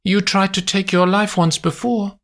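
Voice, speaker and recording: A man's voice: high voice, fairly even intonation, a bit bright, voice pushed up. A man putting on a cool, clinical woman agent. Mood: calm. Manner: cool, measured, unemotional. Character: calm, clinical female agent, soothing.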